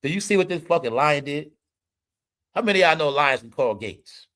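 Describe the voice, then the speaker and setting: A man ranting through celebrity commentary in a forceful, bright, edgy voice pitched a little high. He is profane and emphatic, and he talks straight to his audience as the show's host. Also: animated, brisk.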